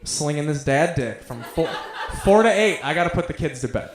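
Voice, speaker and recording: A man's voice: on the high side, animated, moderate pace, background noise. A young man doing a stand-up comedy set, telling profane, self-deprecating stories. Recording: echoey room sound.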